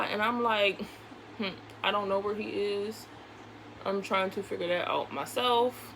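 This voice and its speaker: A woman vlogger chatting through a storytime while she does her makeup, animated and candid, acting out the people in her story and swearing casually. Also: mid-range voice, normal speed, slight background noise, poor audio. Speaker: beauty vlogger.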